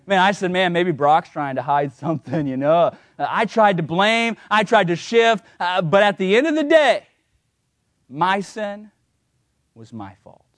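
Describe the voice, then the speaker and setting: A man with a fairly high voice preaches a sermon, working in a funny personal story and chuckling along the way. He brings the voices in his stories to life with a lively, shifting tone. The sound is close and dry, with no room echo. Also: unhurried. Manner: storytelling with self-deprecating humor and chuckles; acts out quoted voices in a lively, varying tone.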